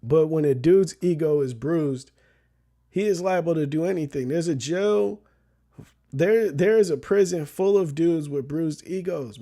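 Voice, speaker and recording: A young man with a slightly high voice tells a story to his viewers. His talk is loose and full of slang. He keeps checking in with his audience as if chatting with a friend. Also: creaky, warm tone. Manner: slangy, loose, keeps asking "you know what I mean". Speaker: vlogger. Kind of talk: casual storytelling commentary.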